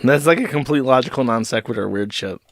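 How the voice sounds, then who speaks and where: A man's voice: mid-range voice, animated, fast talker, no echo. Sarcastic man with a dry close mic. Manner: sarcastic, profane, mocking. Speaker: commentary host. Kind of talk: casual commentary over clips.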